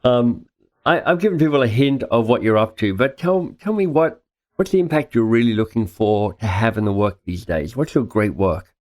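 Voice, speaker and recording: A man hosting a podcast interview, enthusiastic and gushing, quick to laugh. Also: mid-range voice, lively intonation, darkish tone. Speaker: podcast host. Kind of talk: casual interview.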